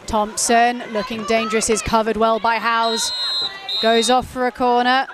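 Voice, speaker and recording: A woman giving quick live play-by-play commentary on a match, rising to shouts at the big moments. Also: on the high side, level tone. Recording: loud crowd and outdoor noise behind.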